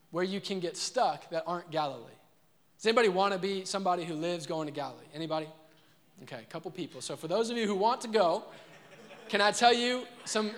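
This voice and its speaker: A man's voice: high voice, long reverb tail. A man preaching a sermon as pastor, earnest and repetitive, asking the crowd questions.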